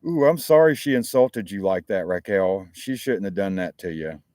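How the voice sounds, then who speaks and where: A low-pitched man with a Southern American accent rambles through a casual live talk show, chatty and loose, cursing freely and restarting his sentences. His voice sits close and dry, with little room sound around it. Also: lively intonation, normal speed, darkish tone, no room sound. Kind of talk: casual live-stream chat. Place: outdoors, chilly.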